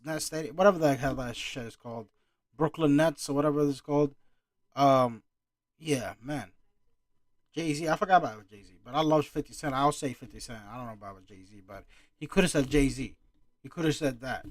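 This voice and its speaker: A man's voice: on the high side, no room sound. A man ranting through a casual reaction commentary, annoyed and swearing often. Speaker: reaction streamer.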